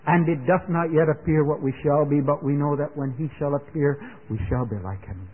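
A man's voice: on the high side, moderate pace. An older man preaching a sermon in an earnest way that builds to fervent exclamations. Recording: tinny phone-like radio broadcast.

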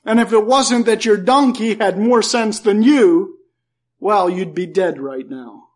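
A man voicing God as he speaks sternly and deliberately to a disobedient prophet. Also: high voice, a little mellow. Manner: stern, measured.

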